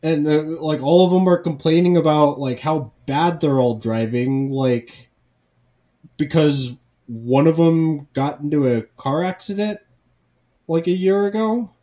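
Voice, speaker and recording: A man's voice: on the high side, unhurried, mellow. A man on a casual comedy podcast, ranting profanely and rambling with lots of false starts. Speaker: podcast co-host.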